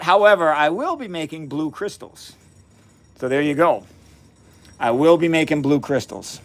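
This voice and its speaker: A man's voice: a little high, animated, moderate pace, pauses often. A man in his fifties hosting a live science stream from his basement, chatting in an upbeat, folksy way and greeting viewers by name. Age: 50s. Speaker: science livestream host. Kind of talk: casual live-stream chat. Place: home basement.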